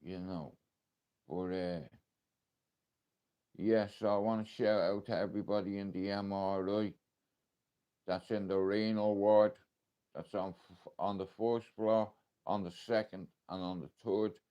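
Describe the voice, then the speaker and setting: Casual Irish male streamer, low-ish pitch, emotional and blunt, swears freely. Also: fairly even intonation, a little slow, pauses often, muffled recording. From Ireland. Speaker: livestreamer. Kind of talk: casual live stream talk.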